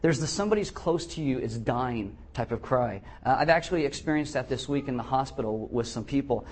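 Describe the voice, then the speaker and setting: Husky-voiced pastor preaching. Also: male voice, medium pitch, fairly quick. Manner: animated, acts out quoted voices. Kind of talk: sermon.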